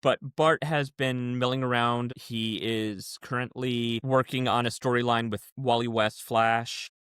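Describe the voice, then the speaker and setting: Podcast guy chatting casually, kinda rambly, clean smooth voice, dry mic. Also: mid-range voice, fairly even intonation, unhurried, a bit bright, no echo. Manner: rambling, explains comic continuity at length. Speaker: podcast co-host. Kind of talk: casual chat.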